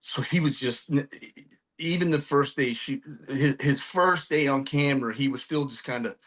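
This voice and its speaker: Middle-aged guy spinning swear-heavy war-set stories, laughs a lot, average pitch. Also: normal speed, a bit bright. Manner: rambling, profane, laughs often. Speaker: guest, military trainer. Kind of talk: casual storytelling chat.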